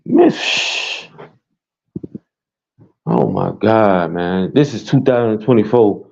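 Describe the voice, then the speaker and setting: Man, Chicago accent, profane commentary rant, high squeals, dull lo-fi recording. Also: unhurried, vocal fry, mellow. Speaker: commentary streamer. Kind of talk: ranting commentary. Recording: dull lo-fi sound.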